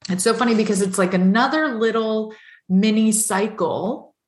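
A woman's voice: medium pitch, moderate pace. A woman hosting a podcast, chatting with enthusiasm and reflection, often acting out little quoted thoughts. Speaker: podcast host. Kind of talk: casual podcast chat. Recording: roomy, echoey room sound.

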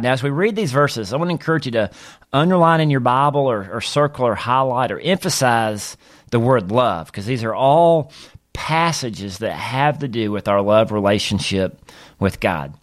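A male pastor teaching through a Bible study on his podcast. He speaks in an earnest, steady way at a middle pitch and reads verses aloud between his explanations. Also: moderate pace.

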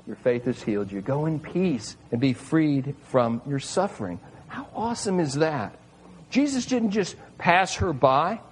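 A man's voice: on the high side, darkish tone, slightly rough, rough recording. A man preaching a sermon, retelling scripture in an earnest, emphatic way with repeated phrases. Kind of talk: sermon reading and explaining scripture.

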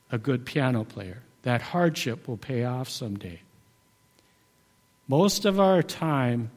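A middle-aged man delivers a sermon in a plain, folksy way, often restarting his sentences. His voice has a medium pitch. It carries a long reverb, as if he is in a large hall. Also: a little mellow. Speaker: preacher.

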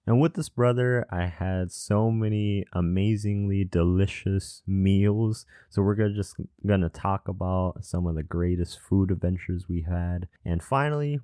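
Deep, slow-talking earnest male podcast host. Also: no room sound, studio quality. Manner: earnest, encouraging, with soft laughs. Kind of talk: casual podcast monologue.

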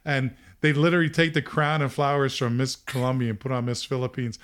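A man's voice: mid-range voice, level tone, brisk, a bit bright. A middle-aged man hosting a podcast, telling a story in casual talk, laughing often and acting out quotes. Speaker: podcast host.

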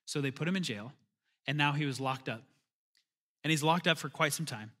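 A man's voice: a little high, brisk, pushed and bright. A man preaching a conversational sermon as pastor, calling for amens and building to emphatic bursts.

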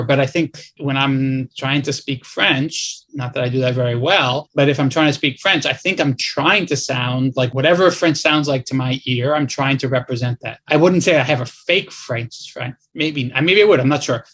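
A man's voice: medium pitch, normal speed, few pauses, fairly bright tone, slightly rough. A man hosting an academic interview, musing aloud in a conversational way and often restarting his sentences. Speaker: podcast host.

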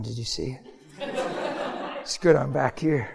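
A man's voice: medium pitch, a little slow, gravelly. A man preaching a sermon with passion, talking straight to his congregation and asking them questions. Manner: passionate, swings from shouting to near whisper; talks to congregation directly, asks questions. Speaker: pastor.

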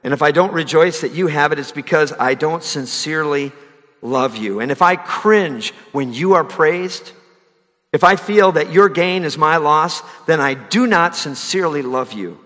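A man preaching a sermon as a pastor, rising to loud, emphatic high passages and dropping soft for key lines. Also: animated, moderate pace, in a large hall.

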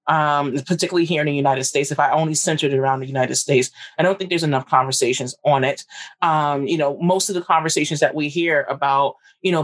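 A woman from Brooklyn hosting a podcast, talking frankly and rambling in casual conversation, often laughing. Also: deep voice. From Brooklyn, New York. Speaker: podcast host.

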